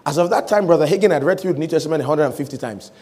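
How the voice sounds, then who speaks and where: A man preaching a sermon, telling a story with animated delivery and voicing the quoted speech, sometimes rising to shouts. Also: fairly high pitch, very fast.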